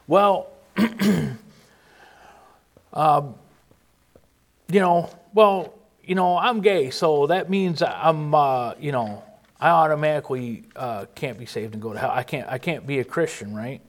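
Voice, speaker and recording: A man preaching an informal sermon, earnest and emphatic, often restarting and pausing mid-thought. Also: on the high side. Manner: earnest, emphatic, with frequent restarts and halting pauses.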